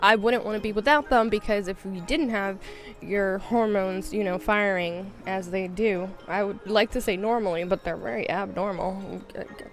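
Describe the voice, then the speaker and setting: A woman's voice: mid-range voice, moderate pace, few pauses, faint music behind. A woman in her thirties streaming a game, talking in a rambling, candid, self-mocking way. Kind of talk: casual chat while gaming.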